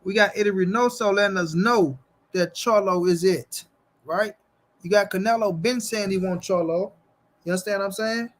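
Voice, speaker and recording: A man's voice: high-pitched, moderate pace. A man hosting a casual boxing livestream, talking straight to his chat in slang and repeating his phrases for emphasis. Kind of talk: casual livestream chat, reading viewer comments.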